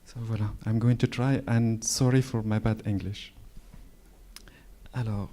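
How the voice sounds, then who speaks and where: A man in his forties from Morocco with a Moroccan French accent, speaking in a halting, hesitant way and reading his own prose at a library event. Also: fairly low pitch, steady tone, warm tone. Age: 40s. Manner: hesitant, halting, frequent fillers. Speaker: author. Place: public library event hall.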